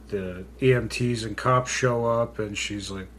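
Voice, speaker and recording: A man's voice: lowish voice, a little slow, hardly any pauses, fairly bright tone, a little hiss or hum. A man co-hosting a podcast, casually recapping a horror comedy film in a blunt, laid-back way with plenty of swearing. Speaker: podcast co-host.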